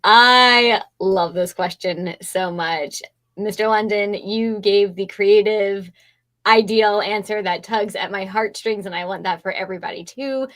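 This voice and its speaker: A woman judge on a live online show, explaining her choice warmly and decisively. She speaks at a middle pitch and an even pace. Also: a little slow. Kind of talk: casual remarks on a live show.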